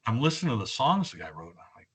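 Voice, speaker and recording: A man guest on a podcast, telling animated stories in a casual chat. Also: medium pitch, rapid-fire, slightly rough. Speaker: guest musician.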